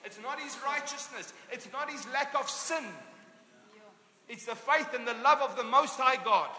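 A South African pastor preaches energetically, peppering his congregation with rhetorical questions. His voice is high and bright, his pace unhurried, and a long church-hall reverb trails each phrase.

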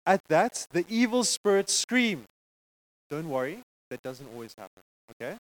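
A man preaching a sermon to a congregation, conversational and animated, checking in with frequent asides to the listeners. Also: a little high, moderate pace, low-quality recording.

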